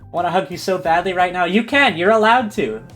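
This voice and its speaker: A man streamer reading a silly story aloud and chatting with his viewers, animated and giggly. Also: high voice, fairly quick, faint music behind. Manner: animated, giggly, breaks into laughs.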